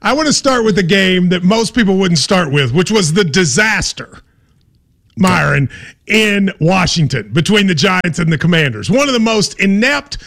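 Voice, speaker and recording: A man's voice: high voice, very animated, normal speed, a bit bright. A man hosting a sports talk radio show, bantering and joking with his co-host.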